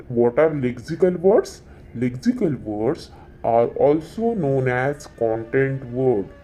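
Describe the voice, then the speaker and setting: Slow guy going over english teaching terms, says everything twice, soft music behind. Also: medium pitch. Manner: repeats each definition several times, drawn out. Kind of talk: slow repetitive exam-revision lesson.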